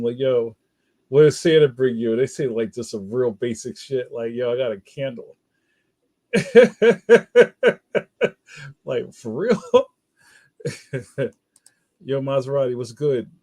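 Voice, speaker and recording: A middle-aged man hosting a casual livestream chat, talking to viewers in a relaxed, slangy way and reading their comments aloud. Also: mid-range voice. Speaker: livestream host.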